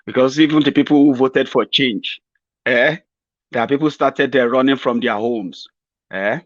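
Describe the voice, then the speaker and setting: A man's voice: mid-range voice, normal speed, dry recording, dull audio. A Nigerian man giving a rambling, mocking satirical political commentary to his viewers. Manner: mocking, rambling, chuckles at his own jokes.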